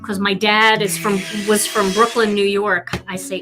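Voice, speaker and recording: A woman's voice: medium pitch, little pitch movement, a little slow, few pauses, a bit bright, faint music behind. A woman with a Philadelphia accent hosting a live card-making demonstration, chatty and self-deprecating as she colors. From Philadelphia, USA.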